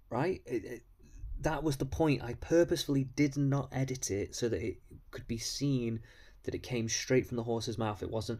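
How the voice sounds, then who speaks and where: Blunt, gravelly man mocking clips. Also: medium pitch, a little mellow. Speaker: commentary host. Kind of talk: reaction commentary on clips.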